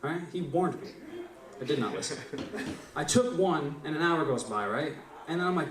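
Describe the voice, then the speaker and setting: A young man tells a rambling, profane story at an open mic, checking in with the crowd as he goes. His voice sits a little high. The recording is roomy and distant, caught from across a small venue. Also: animated, moderate pace, fairly bright tone. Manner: rambling, profane, keeps asking "right?". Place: small live venue stage. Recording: echoey room, distant mic.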